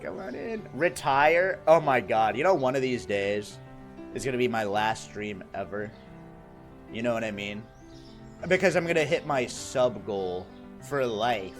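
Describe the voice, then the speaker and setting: Laughing, teasing male streamer, slow delivery. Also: medium pitch, soft background music. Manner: laughs often, teasing and self-mocking. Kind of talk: casual chat reading viewer messages.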